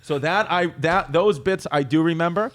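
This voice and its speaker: Animated New comedian telling a story. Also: male voice, fairly high pitch, normal speed. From New York, Queens. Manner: animated, self-mocking storyteller. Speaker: comedian guest. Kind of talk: storytelling on a talk show.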